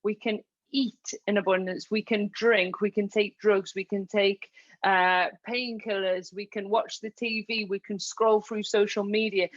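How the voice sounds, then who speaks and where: A woman's voice: medium pitch, flat delivery, a little slow, dry recording. Host: a chatty, affirming woman with a mid-range voice, recorded on a dull lo-fi line. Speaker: podcast host. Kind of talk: casual podcast conversation. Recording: dull lo-fi sound.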